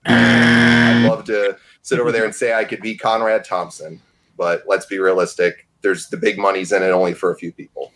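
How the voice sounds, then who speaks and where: A man's voice: fairly low pitch, flat delivery, normal speed, a bit bright. A man on a casual podcast, talking back insistently and defensively, repeating his points. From upstate New York.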